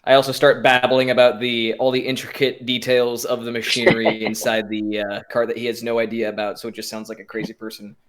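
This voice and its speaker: Male player, mid pitch, rambling excitable in-character talk at the table. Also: fairly quick, hardly any pauses, background noise. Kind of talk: tabletop role-play.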